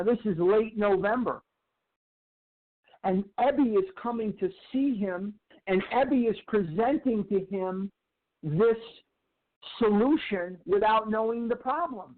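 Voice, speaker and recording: A man giving a twelve-step recovery talk in a storytelling lecture style, slowly repeating phrases for emphasis. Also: sits high. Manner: slow, emphatic repetition of phrases. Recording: tinny phone-like sound.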